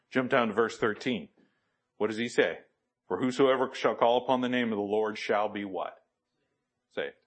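A man with a husky, mid-range voice gives a sermon, reciting scripture and emphatically questioning the people in the pews.

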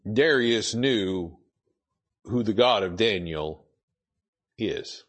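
A man's voice: fairly low pitch, expressive, drawn-out words, fairly bright tone, breathy edge. A male pastor preaching a conversational sermon, often restarting phrases and adding casual asides.

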